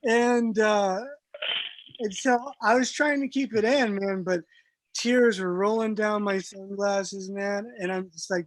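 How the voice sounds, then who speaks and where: A man guest telling a personal story in a casual, animated way, laughing often and using lots of fillers. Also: high voice, slow, dry recording.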